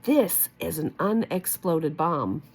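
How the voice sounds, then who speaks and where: A woman reading aloud the lines of a calm man on a bus, with an expressive, gravelly voice. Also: on the high side, slow, slight background noise. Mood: matter-of-fact. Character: ordinary man on a bus with a bomb.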